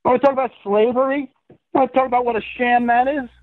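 A man's voice: extremely high pitch, fairly even intonation, quick pace, no echo. A male guest calling into an interview, ranting in a rambling, profane way. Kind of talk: phone-in interview. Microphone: phone. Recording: tinny phone line.

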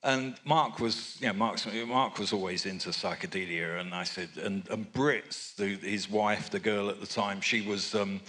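An older Englishman with a low, easygoing voice tells stories from the recording studio. He rambles a little, trails off into asides and fills the gaps with "you know" and "um". He sounds like a guest on stage at a fan convention. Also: moderate pace, few pauses, sharp tone, breathy edge. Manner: rambling, many fillers and asides, chuckles. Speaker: record producer, interview guest. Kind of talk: relaxed anecdotal storytelling.

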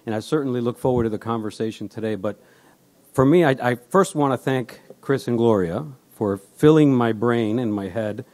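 Brief: man, mid-pitched voice, polite university executive speaking to an audience. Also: darkish tone. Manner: measured and courteous. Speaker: university vice president, guest speaker. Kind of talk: formal event remarks.

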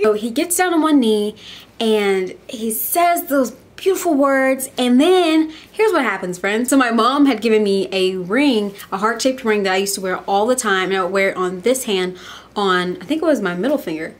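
A woman's voice: a little high, animated, normal speed. A young woman, chatting to camera in a casual, bubbly and emotional way. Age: young adult. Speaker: vlogger.

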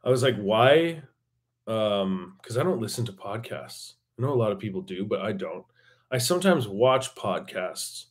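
A man's voice: fairly low pitch, animated, normal speed. A man with an Albertan accent hosting a casual solo podcast from his bedroom, rambling and joking with lots of restarts. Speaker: podcast host. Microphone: table mic.

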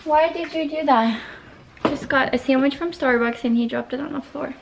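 A woman's voice: high voice, normal speed, creaky, background noise. A young woman vlogging as a stay-at-home mom, chatting casually to the camera and coaxing her toddler in a sing-song voice. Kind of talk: casual vlog narration and talking to her toddler.

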